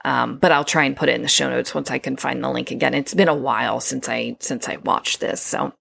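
A woman's voice: a bass voice, fairly even intonation, fairly quick, creaky, a bit bright. A woman hosting a solo podcast, talking conversationally with fillers and restarts. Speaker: podcast host.

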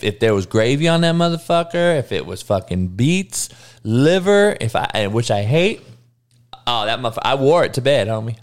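A man hosting a show and ranting in a casual, comedic, heavily profane and emphatic way. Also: fairly high pitch. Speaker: podcast host and coach.

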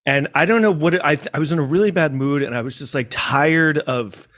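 A man's voice: a little high, a little fast. A man telling a casual anecdote in a rambling way, often cutting himself off and restarting. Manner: rambling, self-interrupting, animated. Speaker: storyteller.

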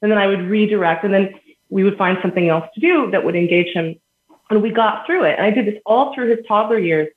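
A woman's voice: mid-range voice, fast talker. A woman guest in a podcast interview, explaining earnestly with everyday examples and laughing between points. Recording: echoey phone-quality line.

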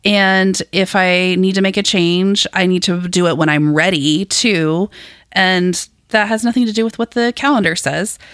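A woman's voice: lowish voice, normal speed, smooth, no room sound. Woman, thirties, podcast co-host, laughs easily, storytelling, dry mic. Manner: laughs often, lively storytelling. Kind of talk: casual chat.

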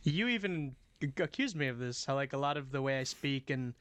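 A man co-hosting a podcast, chatty and casual with quick asides. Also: medium pitch, animated, fairly bright tone, smooth, dry recording. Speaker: podcast co-host. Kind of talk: casual chat.

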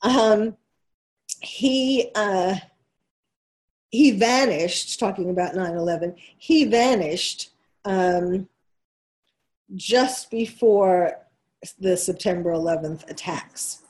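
A woman's voice: mid-range voice, takes it slowly, long pauses, a little mellow. Woman with a New York accent hosting talk radio. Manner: emphatic, poses rhetorical questions.

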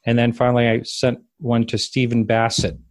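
Halting, self-correcting man in a dry recording. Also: medium pitch, completely flat delivery, no echo. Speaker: interview guest. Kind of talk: casual spoken recollection.

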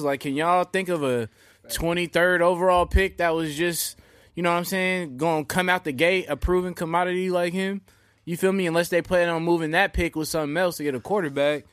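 A man's voice: fairly high pitch, fairly even intonation, fairly quick, a bit bright, clear, resonant tone, no echo, clean studio sound. A man hosting a casual sports podcast, slangy and profane, who keeps checking in with "you feel me" and "you know what I'm saying.". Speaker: podcast host.

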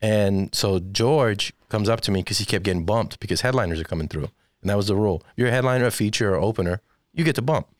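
A very deep-voiced man in a casual interview, spinning animated stories and acting out every character he quotes. The sound is dry and close, with no room around it. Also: fast talker, dry recording. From Texas. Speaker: stand-up comedian.

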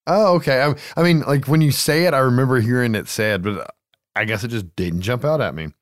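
A man's voice: mid-range voice, fairly quick, dry recording, clean studio sound. A man co-hosting a casual movie recap, loose and profane, laughing easily. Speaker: podcast co-host.

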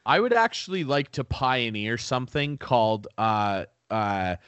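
A man's voice: medium pitch, expressive, a little slow, fairly bright tone, clean tone, dry recording, highs cut off. A man from Canada telling a driving story in casual chat, ranting and swearing freely.

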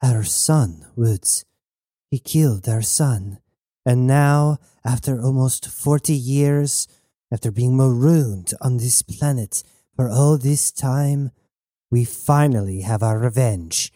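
A man's voice: medium pitch, slow, warm tone, no room sound, lightly acted. A man voicing a grieving, resolute woman in an audiobook, firm and controlled, recorded close and dry. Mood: grim. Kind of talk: audiobook narration.

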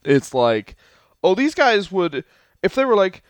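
A man co-hosting a comedy podcast with a smooth, clear voice pitched a little high. He tells his stories in a loose, rambling way, laughing often, and sounds close-miked and dry. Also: sing-song, a little slow, no echo. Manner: rambling storyteller, laughs often, many fillers. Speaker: podcast co-host. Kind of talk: casual comedic chat.

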